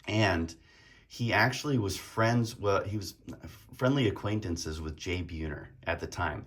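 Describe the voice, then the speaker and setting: A man with a deep, low voice tells a story in a relaxed, rambling way, full of fillers and easy laughs. He talks casually to his viewers as a hobby vlogger. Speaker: card collecting vlogger.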